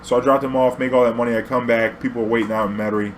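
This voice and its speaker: A man's voice: mid-range voice, fairly even intonation, racing, slight background noise. A young man, a taxi driver, telling a casual story in a rambling, profane way and laughing often.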